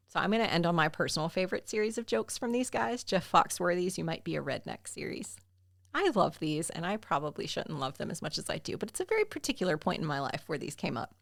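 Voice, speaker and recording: A woman's voice: lowish voice, creaky, a bit bright, dry recording, clean studio sound. A woman co-hosting a podcast, chatting casually and self-deprecatingly, with lots of "like" and "um". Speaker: podcast co-host.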